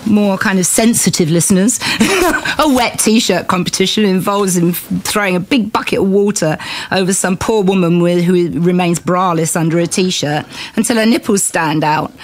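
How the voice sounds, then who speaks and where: A woman's voice: fairly low pitch, moderate pace. Laughing woman telling frank stories. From England. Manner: lively, laughs often, frank and wry. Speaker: guest singer. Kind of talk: conversational interview.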